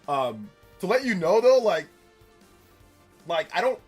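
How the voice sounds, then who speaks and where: A man's voice: high-pitched, big pitch swings, slow, a little mellow, breathy edge, faint music behind. A man from California hosting a casual live stream, chatting with viewers in an upbeat, elevated presentation voice and laughing often. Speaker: streamer hosting a live gaming news show.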